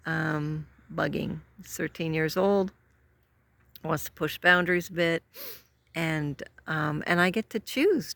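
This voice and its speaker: Gravelly-voiced woman giving a motivational talk. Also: low voice, dry recording. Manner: earnest, asks many rhetorical questions; repeats herself for emphasis, soft-spoken. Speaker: self-help speaker. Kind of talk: motivational self-help talk.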